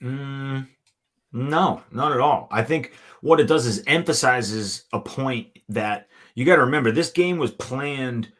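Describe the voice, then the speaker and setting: Man, sports analyst on a podcast, middle pitch; steady and explanatory. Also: a little slow. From United States. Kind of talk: casual sports talk.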